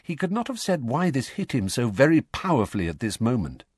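A man narrating an audiobook in an expressive storytelling manner. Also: medium pitch, brisk, husky, dry recording, studio quality. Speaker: audiobook reader. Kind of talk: scripted narration.

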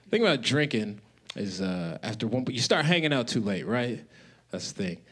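A man's voice: mid-range voice, animated, normal speed, slightly rough. A man from Colorado doing a loose, conversational stand-up set on a stage mic in a comedy club. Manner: loose, conversational, swinging into loud character voices. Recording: live comedy club with audience laughter.

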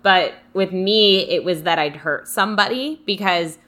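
A woman's voice: mid-range voice, unhurried, a bit bright. A young woman co-hosting a casual podcast chat, speaking in a reflective, chatty way full of "like". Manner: reflective, chatty, many "like" fillers. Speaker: podcast co-host.

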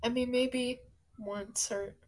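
A woman's voice: fairly high pitch, steady tone, slow. A young woman chatting as a guest on a livestream, hesitant and filling her speech with "like". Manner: hesitant, lots of "like". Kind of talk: casual chat.

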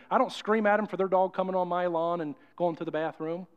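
A man's voice: high voice, flat delivery, quick pace, clear, resonant tone, lo-fi sound. A male pastor preaching a sermon in a conversational, storytelling way.

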